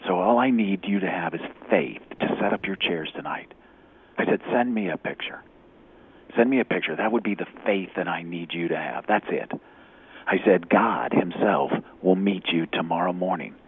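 Animated male storyteller on tinny radio. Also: low voice, slightly rough. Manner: animated storyteller, acts out quoted dialogue, drops to a whisper. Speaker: executive recruiter, guest speaker. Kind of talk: storytelling faith talk. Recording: tinny phone-like radio audio.

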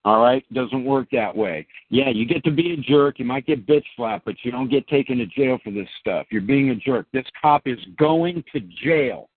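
This talk show host has a medium-pitched voice and a moderate pace with hardly any pauses, recorded dry with no room sound, like a phone line. He speaks emphatically and directly to his audience, calling them folks.

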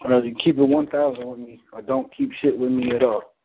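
A man's voice: fairly high pitch, big pitch swings, brisk, vocal fry, a little hiss or hum. A man on a community call, telling a story in a blunt, heated, profane way. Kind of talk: casual storytelling. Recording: phone-like call audio.

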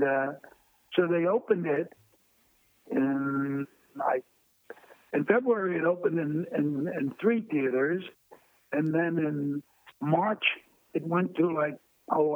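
An older man tells stories over a tinny, dry phone line. His voice sits a bit high, and he bounces between lively anecdotes and quick acted-out voices. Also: no room sound. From Brooklyn, New York. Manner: lively raconteur, acts out quoted voices, chuckles through stories. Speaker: guest. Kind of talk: anecdotal storytelling.

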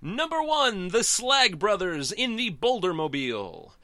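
A man's voice: high-pitched, big pitch swings, a little slow, pushed and bright, no echo, pitched above the performer's own voice, heavily acted. A man doing a voice of a cartoon race announcer, calling out each racer in a showy roll-call delivery. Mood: announcing.

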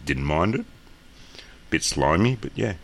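Man, Australian accent, very deep, gravelly, casual podcast chat, joking and profane, remote call mic. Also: sing-song, unhurried. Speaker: podcast co-host.

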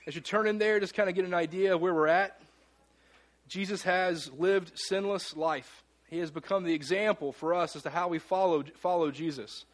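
A man preaching a sermon as the pastor of a church, earnest, with dramatic pauses and slowed words for emphasis. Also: high voice. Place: church sanctuary.

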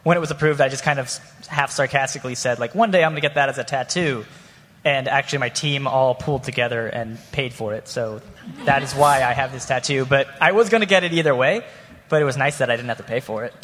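Man, panel guest, self-mocking and chuckling, mid-pitched voice, reverberant hall. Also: quick pace, fairly bright tone. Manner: self-deprecating, laughing often. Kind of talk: panel discussion. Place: convention panel room.

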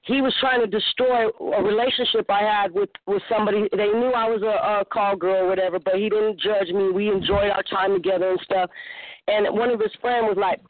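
A woman in a casual podcast chat, telling stories in an animated, slangy way. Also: medium pitch, fairly quick, no room sound. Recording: tinny phone line with faint noise.

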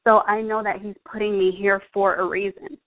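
A woman's voice: medium pitch, flat delivery, normal speed. A young woman sharing her personal story as a fitness coach, earnest and emotional, full of "like" and "um". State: out of breath. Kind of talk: personal testimonial. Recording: tinny phone-like audio.

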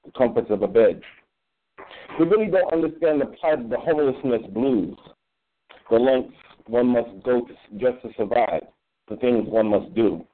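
Male spoken word poet, earnest and measured, tinny phone sound. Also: medium pitch. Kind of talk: performance poetry.

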